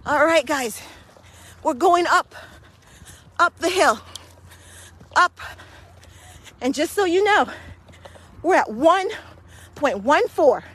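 Woman, fitness coach, high voice, unhurried delivery, out of breath, encouraging, walking outdoors on hills. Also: expressive, a bit bright. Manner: encouraging, motivating. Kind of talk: guided walking workout podcast.

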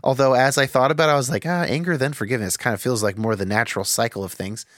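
A man's voice: medium pitch, fast, fairly bright tone, no echo, studio quality. A man hosting a podcast, talking candidly and reflectively, thinking aloud with restarts and the odd swear word. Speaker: podcast host.

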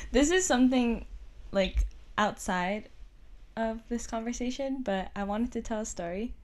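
A woman's voice: on the high side, measured pace. A young woman in a casual chat, telling a story with lots of filler words. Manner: chatty storyteller, filler-heavy.

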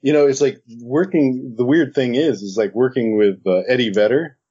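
A man's voice: mid-range voice, moderate pace, mellow, slightly rough. A middle-aged man, an animation director, telling an interview anecdote and acting out both sides of old conversations. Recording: dull lo-fi recording.

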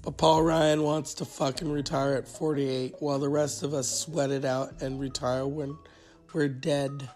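A man's voice: medium pitch, flat delivery, measured pace, darkish tone, faint music behind. A man hosting a solo podcast, ranting in a sarcastic, profane, rambling way. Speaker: podcast host. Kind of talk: casual solo podcast rant.

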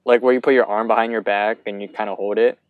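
A young man co-hosting a podcast, chatting in an easygoing, halting way with many restarts. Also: fairly low pitch, fairly even intonation, dry recording, narrow, tinny audio. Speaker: podcast co-host. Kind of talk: casual episode recap chat.

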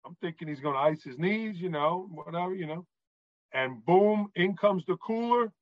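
A man from New York tells animated stories as a podcast guest, often checking in with "right?". His voice sits a bit high. The recording is dry and a little dull. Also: moderate pace, dry recording. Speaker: guest, author and former referee. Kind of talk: storytelling in a podcast interview.

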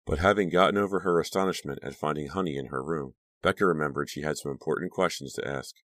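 A man reading a novel aloud as an audiobook narrator, in a steady, measured manner. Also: extremely low pitch, dry recording. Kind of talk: scripted narration.

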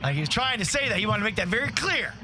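A man's voice: high-pitched, very animated, rapid-fire, background noise. A man co-hosting a morning radio show, upbeat and playful with callers.

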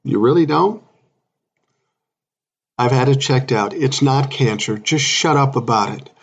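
A man's voice: medium pitch, animated, a little slow, creaky, slightly rough. A man in his sixties hosting a solo podcast, talking bluntly and irritably, swearing often. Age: 60s. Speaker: podcast host.

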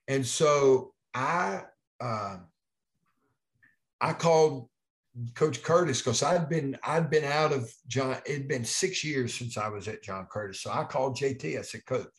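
A middle-aged man, a strength coach rambling through a folksy story in an interview answer. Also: mid-range voice. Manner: folksy, rambling, Southern turns of phrase.

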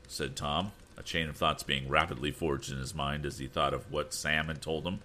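Deep-voiced man narrating a story. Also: fairly even intonation, moderate pace, bright, forceful tone, a little hiss or hum. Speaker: audiobook narrator. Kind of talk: scripted narration.

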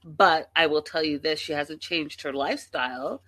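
A woman's voice: deep voice, moderate pace, fairly bright tone, no room sound. A woman recapping a reality show in a casual, indignant vlog, emphatic and swearing freely. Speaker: reality TV commentator.

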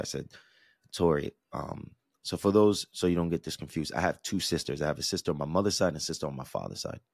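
A man's voice: a bass voice, gravelly, no echo, clean studio sound. A man in his thirties from the US East Coast, hosting a podcast and telling a personal story in an earnest, reflective way with frequent restarts. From New York–New Jersey area, US East Coast. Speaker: podcast host.

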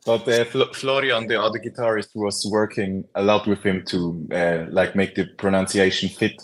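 A man talks as a guest guitarist, halting and filling pauses. His voice sits fairly low. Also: steady tone. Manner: hesitant, many ums. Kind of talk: casual interview chat.

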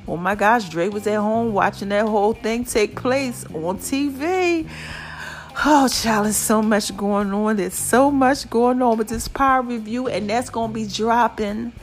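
A middle-aged woman hosting a casual podcast, animated and preachy, calling her listeners "babies" and "y'all". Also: a little high, unhurried, faint music behind. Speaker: podcast host. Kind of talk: casual encouraging podcast talk.

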